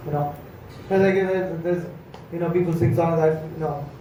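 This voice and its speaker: South Indian man, high mellow voice, temple lecturer; roomy distant mic, faint hum. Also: fairly even intonation, moderate pace. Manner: storytelling, acts out dialogue, many fillers. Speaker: monk lecturer. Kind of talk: morning lecture. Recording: echoey hall, far from mic, faint hum.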